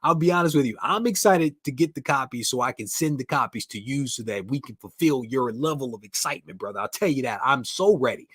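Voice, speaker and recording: A chatty man hosts a comic collecting live stream in a casual, upbeat tone, greeting viewers by name as he goes. His voice sits at a middle pitch. It is recorded close and dry, with no room echo. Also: a bit bright, slightly rough.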